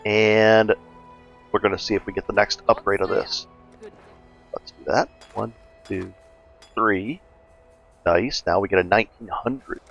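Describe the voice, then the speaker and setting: A man casually narrating a gameplay walkthrough as a gaming guide host, relaxed and chatty, thinking aloud with fillers. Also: fairly low pitch, measured pace, creaky, long pauses, highs cut off, soft background music.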